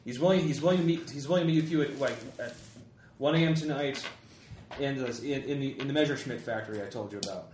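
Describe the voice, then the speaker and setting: A man voicing a shady male American radio informant who talks crudely and haltingly. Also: mid-range voice, lightly acted. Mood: blunt. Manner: casual, crude, halting with fillers. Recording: roomy with faint noise.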